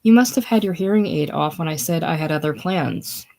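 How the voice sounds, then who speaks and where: A woman reading the part of a high-strung, romantic schoolteacher in a casual play reading, speaking in a breathless, theatrical way. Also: lively intonation, a little fast, creaky, darkish tone, rough recording. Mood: indignant.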